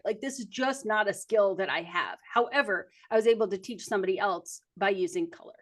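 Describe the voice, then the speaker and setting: A woman's voice: a little high, a little fast, few pauses. Woman, 50s, podcast host; chatty storyteller who pokes fun at herself. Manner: chatty, self-deprecating, animated storytelling. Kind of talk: casual chat.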